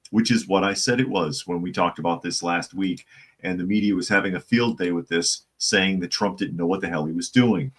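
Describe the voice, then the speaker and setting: A man's voice: lowish voice, measured pace, fairly bright tone. A man hosting a casual news commentary stream, reading articles aloud and greeting live chat viewers in a conversational way. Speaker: host.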